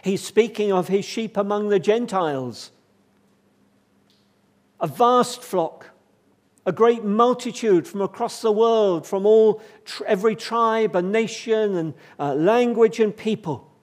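A man preaching a sermon, swinging from hushed, slow passages to fervent, emphatic repetition. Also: high voice.

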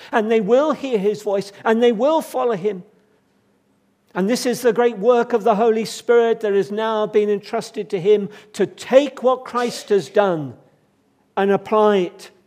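A man preaching a sermon, swinging from hushed, slow passages to fervent, emphatic repetition. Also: sits high.

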